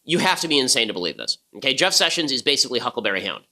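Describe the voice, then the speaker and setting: A man's voice: medium pitch, big pitch swings, rapid-fire, bright, forceful tone. A man hosting a political podcast, delivering commentary in a punchy, sarcastic way. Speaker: podcast host.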